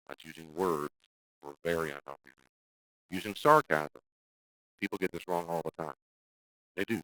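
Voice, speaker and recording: A man with a very low voice, recorded dry and close, teaches a church class as its pastor. He talks directly and casually, often restarting his sentences, and breaks into exaggerated voices when he acts out what people say. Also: no echo, rough recording. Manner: lively, acts out quoted speech in exaggerated voices; direct, conversational, with frequent restarts.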